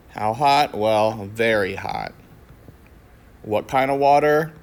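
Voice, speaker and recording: Slow, low-voiced man teaching grammar. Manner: patient step-by-step questions and answers. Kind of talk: grammar lesson, sentence diagramming.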